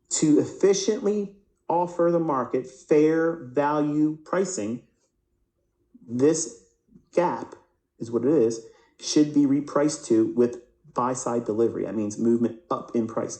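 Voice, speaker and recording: A man with a mellow, low-brightness voice gives a live trading lesson over price charts. He asks himself questions and answers them, and often stumbles over repeated words. The sound is roomy and echoing. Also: unhurried. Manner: repeats words, restarts mid-sentence. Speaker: trading instructor.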